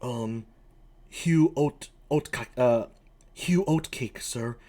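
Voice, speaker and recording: A man streaming, giving casual commentary between reading parts, chatty and quick to laugh. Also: medium pitch, warm tone. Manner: chatty, laughing easily, self-correcting.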